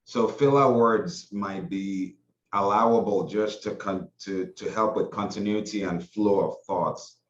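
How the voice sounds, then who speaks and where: A man taking part in a lecture discussion, reasoning aloud in a measured way. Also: fairly low pitch. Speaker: lecture participant. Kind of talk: discussion contribution. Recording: echoey, dull lo-fi line with faint noise.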